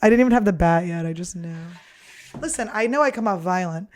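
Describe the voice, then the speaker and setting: A woman's voice: fairly low pitch, animated, fast talker, a little mellow. A woman comedian hosting her podcast, telling candid, profane stories in a rambling, casual chat. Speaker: podcast host and stand-up comedian.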